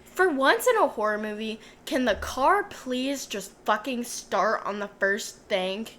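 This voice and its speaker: A woman's voice: on the high side, a little slow. A woman co-hosting a podcast, chatting casually about a horror movie with heavy swearing and laughter. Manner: profane, animated, bursts of laughter and mock quotes. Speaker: podcast co-host. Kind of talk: casual movie recap chat.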